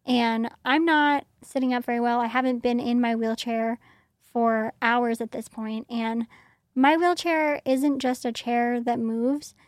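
Young woman telling a story, flat tone. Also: a little high, a little slow, dry recording, clean studio sound. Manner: conversational, frequent "like" fillers. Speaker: interview guest. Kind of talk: casual storytelling.

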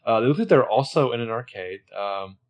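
A man's voice: medium pitch, lively intonation, a little fast. Jokey laid-back man co-hosting. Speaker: podcast co-host. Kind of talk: casual chat.

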